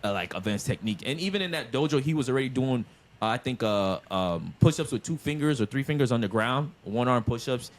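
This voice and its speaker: A man's voice: mid-range voice, animated, brisk. A man co-hosting a casual podcast debate, laid-back and explaining at length with plenty of fillers. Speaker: podcast co-host.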